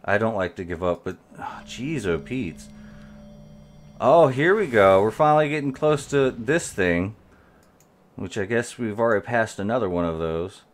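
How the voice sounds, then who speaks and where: A man's voice: fairly low pitch, animated, moderate pace. A man giving rambling live gameplay commentary as a streamer, talking to his viewers while he plays. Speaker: game streamer.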